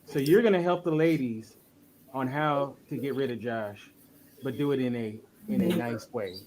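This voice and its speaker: A man's voice: mid-range voice, moderate pace, background noise. A man hosting a casual radio talk show, upbeat as he sets up a role-play segment. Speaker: host.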